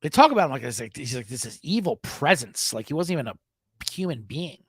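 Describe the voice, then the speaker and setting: A man's voice: mid-range voice, big pitch swings, quick pace, breathy edge, no echo, studio quality. A man hosting a sports betting podcast in loose, profane, rambling casual chat.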